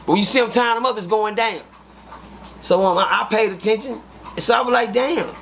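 A man with a fairly high voice tells prison stories in casual interview talk. He swears freely and acts out each person's lines as he goes. A faint hum of ambient noise sits behind him. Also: a little fast. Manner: profane, animated, acts out quoted dialogue. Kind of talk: casual storytelling.

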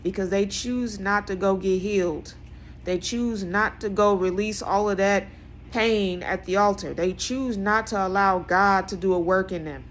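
A woman, giving an emphatic, preaching monologue that repeats phrases and swings between soft and loud. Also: medium pitch, fairly even intonation, a little slow, slight background noise. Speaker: vlogger.

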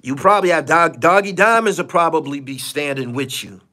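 A man's voice: a little high, fairly quick, bright, forceful tone. Blunt, profane man ranting. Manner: blunt, profane, repeats himself for emphasis. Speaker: podcast host. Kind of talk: casual live-stream commentary.

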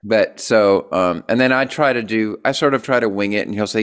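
A man with a fairly low voice, interviewing a guest in relaxed conversation. He keeps the chat going with quick, encouraging reactions and asks follow-up questions. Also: clear, resonant tone. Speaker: interviewer host.

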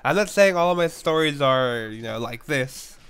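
A man's voice: on the high side, lively intonation, moderate pace, fairly bright tone, clear, resonant tone. A man with a stuffy nose and a cough from a cold, telling a rambling story in casual commentary and laughing often between words. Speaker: YouTube gaming commentator.

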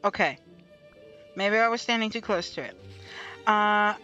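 A woman streaming a farming game, chatting to herself and her viewers in an unhurried way, with frequent laughs. Her voice is bright and clear, and soft music plays behind it. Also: mid-range voice, muffled recording. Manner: chatty, laughs often, talks to herself and chat. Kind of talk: casual gameplay livestream chat.

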